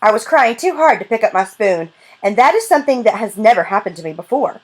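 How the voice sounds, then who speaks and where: A woman's voice: on the high side, big pitch swings, fast. A woman narrating a children's novel in the first person, in an earnest, plain way. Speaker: audiobook narrator. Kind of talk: storybook narration.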